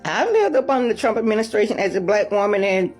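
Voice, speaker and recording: A woman's voice: medium pitch, big pitch swings, quick pace, a little mellow, slightly rough, soft background music. A woman in a casual opinion monologue, sassy and emphatic, calling her listeners honey.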